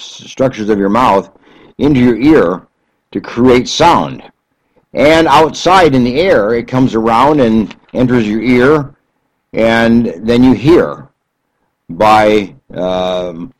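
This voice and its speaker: A man giving an explanatory talk, slow and deliberate, stretching key phrases for emphasis. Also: mid-range voice, darkish tone, poor audio. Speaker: speaker explaining stuttering.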